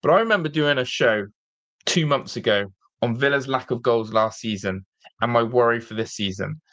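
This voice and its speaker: Male fan-show host, mid-pitched, exasperated live rant. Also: normal speed, fairly bright tone. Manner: exasperated, repeats himself, mocking.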